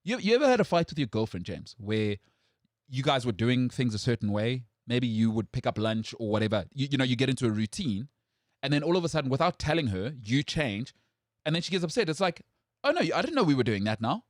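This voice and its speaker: An opinionated man hosting a sports talk show, his pitch leaping high whenever he gets worked up. His voice swings widely through lively rants, and the recording is close and dry with no room sound. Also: fairly quick, no room sound. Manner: animated, jumps high in pitch when outraged. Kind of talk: opinionated casual sports chat.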